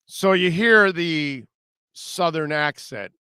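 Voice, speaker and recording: A male sports radio host talks in a blunt, rambling way with sarcastic jabs. His voice is smooth and somewhat high, and the sound is close and dry. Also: a little slow, a bit bright, dry recording. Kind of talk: opinionated sports talk.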